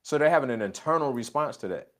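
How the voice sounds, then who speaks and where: A man's voice: mid-range voice, lively intonation, fast talker. A man coaching a colleague in a casual conversation, emphatic and repeating his catchphrases. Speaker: business coach.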